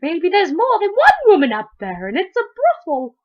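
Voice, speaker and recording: A woman voicing a bratty, condescending young girl in a parody storybook reading, with a high, mocking voice. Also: huge pitch swings, moderate pace, full character voice. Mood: eager. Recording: dull lo-fi recording.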